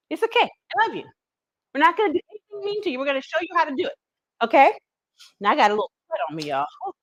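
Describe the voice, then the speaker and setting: A woman's voice: sits high, dry recording, rough recording. Chatty woman hosting a live cooking stream. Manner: chatty and folksy, talking straight to viewers in chat; animated, with teasing asides. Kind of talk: casual live cooking demonstration.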